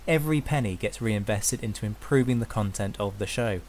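A man's voice: lowish voice, fairly quick, darkish tone. A man reading a podcast supporter appeal in an earnest, grateful tone. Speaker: podcast host. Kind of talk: read sponsor appeal.

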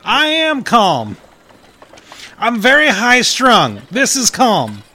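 A man voicing a high-strung, blustering cattle rancher with a put-on western rural drawl, swearing and stumbling over his words. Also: expressive, moderate pace, fairly bright tone. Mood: heated.

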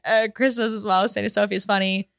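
A woman's voice: medium pitch, steady tone, racing, gravelly, a bit bright, no echo, studio quality. A woman guest on a casual podcast chat, telling stories and laughing often. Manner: chatty storyteller, laughs often.

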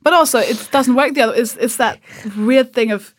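A woman's voice: a little high, brisk, noisy background. A woman comedian guesting on a podcast, chatting casually and acting out the people in her stories. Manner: animated storytelling, acts out quoted people. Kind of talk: casual chat.

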